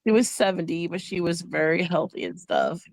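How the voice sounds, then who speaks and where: A woman with a gravelly, creaky edge to her voice tells a personal story in a casual chat. She talks in an animated way and slips into the voices of the people she quotes. The recording is dry and close, with no room sound. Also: lowish voice, brisk, dry recording. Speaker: host.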